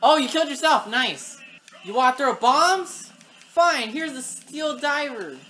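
A woman giving live gameplay commentary, excitable, talking to the game and yelling at opponents. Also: high-pitched, a little slow, a little hiss or hum. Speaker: gaming channel host.

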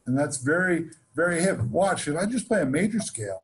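A man teaching jazz improvisation in a relaxed, conversational way, counting off beats between demonstrations. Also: a little high, a little fast, husky, rough recording. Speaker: jazz music instructor. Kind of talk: explaining and demonstrating on instrument. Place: home studio, online session.

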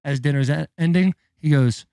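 A man's voice: fairly high pitch, normal speed, creaky, smooth, no echo. Man telling a wild story, dry sound. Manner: animated, profane, dramatic build-up. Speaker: podcast co-host. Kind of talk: casual storytelling.

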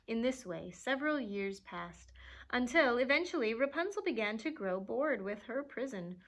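A woman librarian reading a fairy tale aloud for children, expressive and lively, with playful asides. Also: on the high side, moderate pace. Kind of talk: storybook read-aloud.

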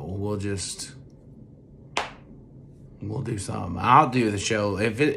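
A podcast host, speaking with a hoarse, strained voice after losing it, ranting in casual political commentary with repeated words. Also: male voice, fairly low pitch, a bit bright, a little hiss or hum. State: lost his voice.

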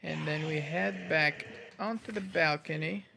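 A man's voice: fairly high pitch, unhurried, vocal fry, bright, forceful tone, a little hiss or hum. A man giving casual, jokey commentary while playing a game, rambling, swearing and muttering to himself. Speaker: gaming channel host.

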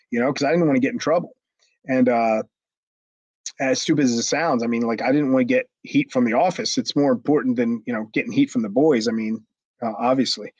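A man's voice: medium pitch, fairly quick, breathy edge, no echo. Middle aged ex-wrestler guy telling a wild story, swears a lot, dry slightly lo-fi mic. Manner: animated, acts out quoted people, swears freely. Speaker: interview guest, former pro wrestler. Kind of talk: casual storytelling. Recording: dry, slightly dull lo-fi sound.

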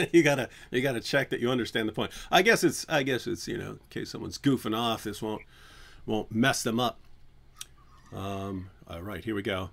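A man's voice: fairly low pitch, normal speed, gravelly, a bit bright. A man hosting a casual livestream, joking around and now and then breaking into a crooning bit of song. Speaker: channel host.

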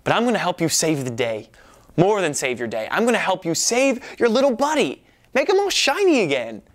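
A man's voice: high voice, huge pitch swings, a little fast. A man giving a playful, exaggerated comedic demonstration as a presenter. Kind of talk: comedic product demo.

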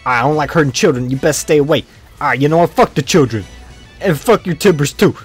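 A man's voice: a little high, fairly quick, breathy edge, soft background music. A young man giving goofy, slangy comedic commentary over his own gameplay, trash-talking the other players. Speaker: gaming video creator.

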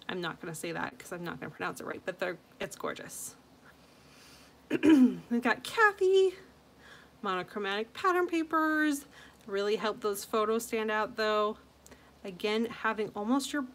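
A woman hosting a scrapbooking channel, chatting casually and gushing over viewers' layouts, with frequent soft asides. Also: mid-range voice.

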